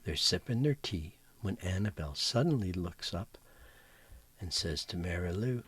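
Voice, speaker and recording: A middle-aged man telling a joke in a relaxed, folksy, homespun style. His voice is very low and deeply husky, rough around the edges. He often sinks into a near-whisper as he tells it. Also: moderate pace, dry recording. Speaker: comedy show host.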